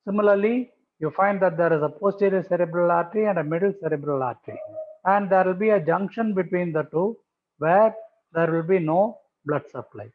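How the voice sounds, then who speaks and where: A man's voice: high voice, fairly quick. A man giving a methodical pathology lecture over slides, repeating key terms for emphasis. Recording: tinny phone-like audio.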